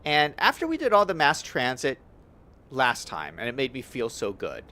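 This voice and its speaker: A man's voice: mid-range voice, very animated, moderate pace, sharp tone. Chatty man musing aloud over a game. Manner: thinking aloud, upbeat and chatty. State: hiccups. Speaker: gaming YouTuber. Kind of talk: casual gameplay commentary.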